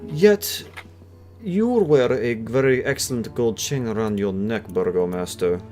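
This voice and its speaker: A man's voice: medium pitch, expressive, warm tone, soft background music, lightly acted. A man voicing a cold, imperious male vampire lord questioning a subject. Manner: cold, measured, interrogating.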